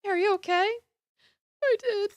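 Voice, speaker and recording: A woman's voice: extremely high pitch, measured pace, no room sound, voice pushed up. A woman voicing an anxious young man in a game, sobbing and apologizing over and over. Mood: tearful. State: crying. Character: anxious young man, guilt-ridden and tearful.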